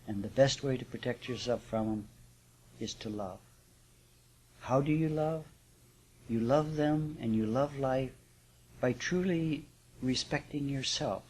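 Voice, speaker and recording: A spiritual teacher with a slightly mellow, mid-range voice gives a live class talk to an audience, speaking conversationally with rhetorical check-ins and chuckles. A little hiss or hum is present.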